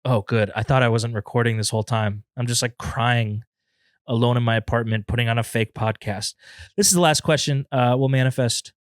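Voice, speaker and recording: A man's voice: medium pitch, steady tone, brisk, dry recording, clean studio sound. A man hosting a comedy podcast alone in his apartment, rambling and self-deprecating, turning emotional now and then. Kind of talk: improvised comedy podcast monologue.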